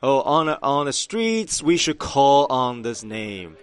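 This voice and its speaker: Slow, emphatic male preacher. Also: mid-range voice, very animated, clean tone, no echo. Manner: slow, emphatic preaching that swells to loud cries. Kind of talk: sermon.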